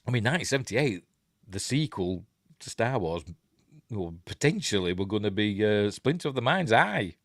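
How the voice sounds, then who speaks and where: An older Yorkshire man hosts a casual news livestream in a low voice that rises and falls a lot. He rambles off into side remarks and corrects himself as he goes. The sound is close and dry. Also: big pitch swings, normal speed, dry recording. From Yorkshire, England. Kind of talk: casual live-stream commentary.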